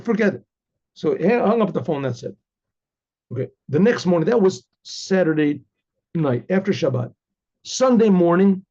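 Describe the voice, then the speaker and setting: A man with a rather high yet mellow voice spins a first-person story, playing out each line of dialogue with lots of "he says". the recording is dull and lo-fi, and he clears his throat now and then. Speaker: rabbi telling a story. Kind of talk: spoken storytelling.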